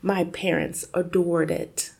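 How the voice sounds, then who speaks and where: A woman's voice: lowish voice, level tone, takes it slowly, gravelly, a little mellow, husky, heavily acted. A woman voicing a clever, bold little girl who play-acts with eager drama.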